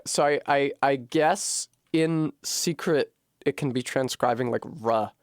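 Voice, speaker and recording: A man's voice: medium pitch, no echo, studio quality. Swearing man puzzling aloud on stream. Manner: profane, puzzling aloud, frustrated. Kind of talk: live-streamed gameplay commentary. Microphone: desk microphone.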